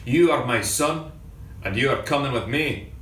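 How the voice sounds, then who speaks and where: A man's voice: medium pitch, lively intonation, moderate pace, fairly bright tone, a little hiss or hum, close to an everyday voice. A man voicing a stern, commanding middle-aged father in a read-aloud story, recorded from a distance in a roomy space.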